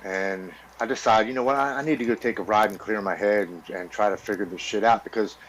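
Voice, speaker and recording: Man in his forties, earnest and low-voiced. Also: a little fast, low-quality recording. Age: 40s. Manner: earnest, stammering repeats while recounting; blunt, with casual swearing. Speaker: podcast guest. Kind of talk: personal recovery story.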